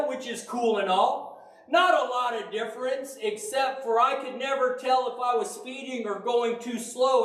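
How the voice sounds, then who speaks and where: High-voiced, slow man preaching casually. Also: a bit bright, reverberant, far from the mic, low-quality recording. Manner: casual, jokey, storytelling. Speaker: faith podcast speaker. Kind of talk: conversational sermon.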